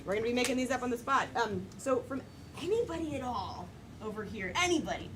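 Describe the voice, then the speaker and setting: A woman's voice: on the high side, expressive, quick pace. A woman hosting a live improv comedy show, joking with the audience and explaining the games. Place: comedy club stage. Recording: live room with loud audience noise.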